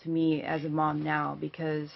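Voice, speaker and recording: A woman's voice: low voice, monotone, normal speed, creaky, dull audio. A middle-aged woman and mother giving heartfelt thanks, rambling with many fillers. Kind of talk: heartfelt personal message.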